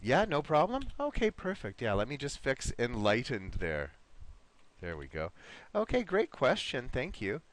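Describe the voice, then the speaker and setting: A man leads a live online class, his voice rising and falling in a lively, animated way. He speaks encouragingly, calls on students by name, and slows down to model words clearly. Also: medium pitch. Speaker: online English teacher.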